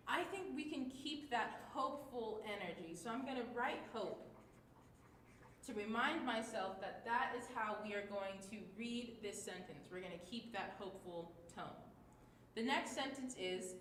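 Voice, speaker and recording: A woman's voice: moderate pace, a bit bright. A woman teaching a livestreamed class, encouraging and marking the tone for each line. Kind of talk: livestreamed class, reading aloud. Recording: echoey room with faint rumble.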